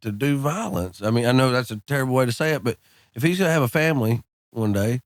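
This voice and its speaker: A man in his thirties, a guest on a podcast, telling relaxed anecdotes in casual chat. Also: medium pitch, fast, dry recording, studio quality. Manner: laid-back, drawling anecdotes peppered with "man" and "dude". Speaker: podcast guest, country singer.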